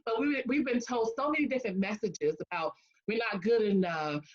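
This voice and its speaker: A woman's voice: a little high, brisk, muffled recording. A woman speech-language pathologist and coach, answering interview questions by telling a personal story with acted-out quotes and frequent laughter. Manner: animated storyteller who acts out quotes and laughs often.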